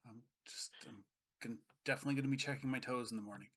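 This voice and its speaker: Flustered bright-voiced man player. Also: mid-range voice, fast talker. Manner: flustered, joking reactions.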